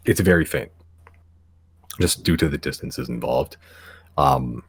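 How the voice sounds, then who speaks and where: A man running a tabletop game in a very deep, creaky voice with a husky texture. His narration is casual and hesitant, with many fillers. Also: measured pace. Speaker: game master.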